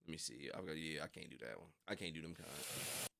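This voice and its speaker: A man's voice: extremely low pitch, fairly quick, creaky, bright, forceful tone, no echo, clean studio sound. A young man rambling casually on a livestream, full of slang and frequent laughter. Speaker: reaction streamer.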